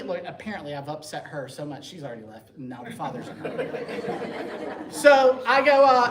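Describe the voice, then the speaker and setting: A man telling his conversion story to a parish group in a lively, joking, conversational way. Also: high-pitched, a little fast, crowd noise. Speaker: speaker giving a conversion testimony. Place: church meeting room. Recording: echoey room, faint background noise.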